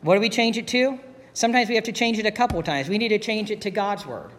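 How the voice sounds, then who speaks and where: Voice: mid-range voice, fast talker, fairly bright tone, a little hiss or hum. A pastor preaching a sermon in an earnest, conversational way, repeating key phrases. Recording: long reverb of a hall.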